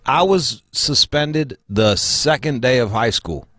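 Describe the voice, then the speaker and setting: A man's voice: mid-range voice, slow, dry recording. A man hosting a casual talk show, swearing freely and laughing as he rants. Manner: profane, animated, laughs often. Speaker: show host.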